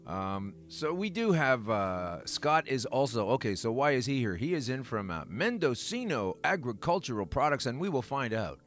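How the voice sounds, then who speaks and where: A man's voice: mid-range voice, big pitch swings, normal speed, hardly any pauses, a bit bright, faint music behind. A Canadian man hosting a podcast in casual chat, rambling with lots of fillers and restarts. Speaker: podcast host.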